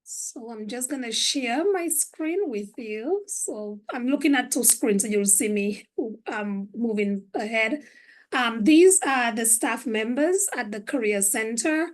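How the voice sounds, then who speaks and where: A woman with a slightly high, hoarse voice speaks as a guest presenter on a video call. She explains things earnestly and fills her pauses with frequent ums. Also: expressive, poor audio. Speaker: career center director.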